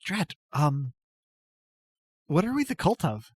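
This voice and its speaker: A man voicing a timid, polite young noblewoman who hesitates with soft ums. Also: on the high side, sing-song, slow, slightly rough, no room sound, studio quality, pitched above the performer's own voice, exaggerated voice. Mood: nervous, polite.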